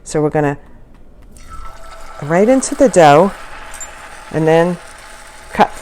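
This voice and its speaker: Giggly woman with a deep-ish voice walking thru a recipe at home, laughs at herself a lot. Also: animated, takes it slowly, darkish tone, slight background noise, poor audio. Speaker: home cooking vlogger. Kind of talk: casual cooking demonstration. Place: home kitchen.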